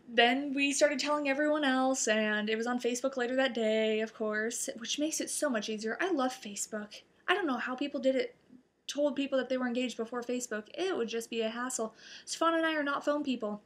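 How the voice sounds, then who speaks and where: Bright, chatty young woman vlogger. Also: a little high. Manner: chatty and giggly, with many fillers and laughs. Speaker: vlogger telling her proposal story. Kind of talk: casual storytelling to camera.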